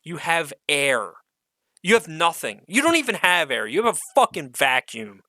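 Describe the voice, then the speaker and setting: A man's voice: on the high side, very animated, moderate pace, sharp tone, dry recording, poor audio. A man giving an unscripted solo rant as an online commentator, profane, exasperated and sarcastic, swearing often amid fillers.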